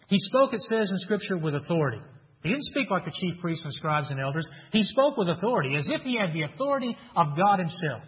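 A man's voice: sits high, very animated, fast talker. A man preaching a sermon in an earnest teaching tone, asking rhetorical questions and reading scripture aloud. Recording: dull sound with long hall reverb.

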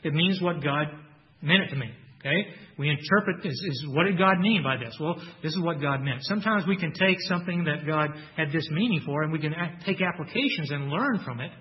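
Earnest higher-voiced man preaching. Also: fairly quick, lo-fi sound. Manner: earnest, repeats phrases, rising on quoted verses. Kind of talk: sermon.

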